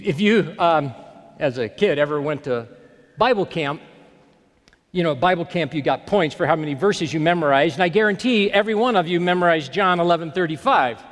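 A male pastor delivers a sermon in a reflective, personal way, letting his voice sink to a near-hush on the words he wants to land. His voice sits a little high for a man. A long reverb trails each phrase, as in a large church sanctuary. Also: very animated, normal speed, long pauses.

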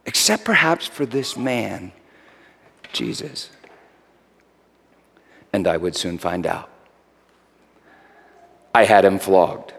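A man playing Pontius Pilate, a guilt-haunted Roman governor, in a dramatic first-person monologue that swings from shouts to whispers, recorded in a church. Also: deep voice, big pitch swings, takes it slowly, vocal fry, long pauses, long reverb tail, heavily acted. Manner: swings between shouted outbursts and hushed whispers. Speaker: preacher performing a character monologue.

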